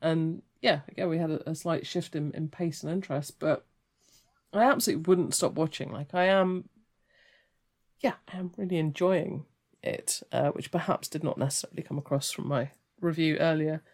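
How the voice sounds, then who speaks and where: A woman's voice: deep voice, moderate pace, a little mellow. Chatty woman. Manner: chatty, laughs often, emphatic. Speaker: podcast co-host. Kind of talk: casual chat.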